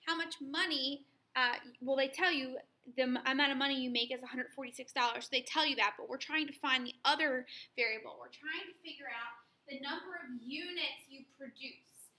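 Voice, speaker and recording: Female math teacher, high bright voice, patient step-by-step explainer, echoey room. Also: a little fast. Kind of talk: recorded classroom lesson.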